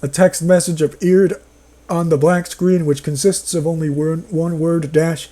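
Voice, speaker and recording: A man's voice: a little high, flat delivery, unhurried, mellow. A man reading a horror story aloud and mocking it with sarcastic remarks and bursts of laughter. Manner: sarcastic, breaks into laughter and outbursts. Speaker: reader and commentator.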